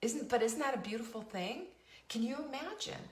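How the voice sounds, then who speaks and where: Animated woman giving a motivational talk. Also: a little high, normal speed, reverberant. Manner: emphatic, preachy, repeats phrases, asks the audience questions. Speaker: show host. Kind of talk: motivational talk to a live online audience.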